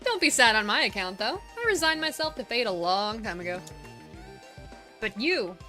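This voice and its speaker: A woman's voice: fairly high pitch, big pitch swings, normal speed, pushed and bright, soft background music. A woman voicing a cursed, resigned Scottish ghost who runs a golf shop, in a patchy put-on Scottish accent that slides toward Irish and British. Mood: theatrical. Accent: attempted Scottish, mixed with Irish and British. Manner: theatrical reading of game dialogue.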